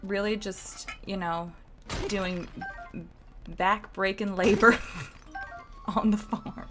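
Slow-talking Southern woman streamer. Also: mid-range voice, fairly even intonation, music in the background. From Southern United States. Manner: chatty and giggly, lots of "like" fillers. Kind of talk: casual gameplay commentary.

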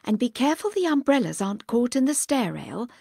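Woman voicing a soft-spoken old grandmother. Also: on the high side, very animated, a little fast, gravelly, breathy edge, no echo, clean studio sound, voice pushed up, full character voice. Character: frail pious old grandmother, fretful and tender.

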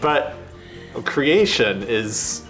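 A man's voice: medium pitch, sing-song, drawn-out words, fairly bright tone, faint music behind. A man hosting a livestream, giving a mock-grand improvised speech with a swooping delivery.

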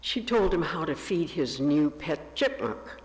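Male pastor, slightly higher-pitched, unhurried sermon storytelling, reverberant sanctuary. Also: very animated. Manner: slow, lifts his pitch for quoted voices. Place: church sanctuary.

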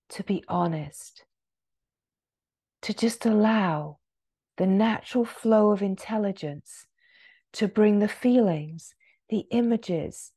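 A woman spiritual teacher giving a gentle satsang talk, acting out inner voices in quotes. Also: medium pitch, slightly rough.

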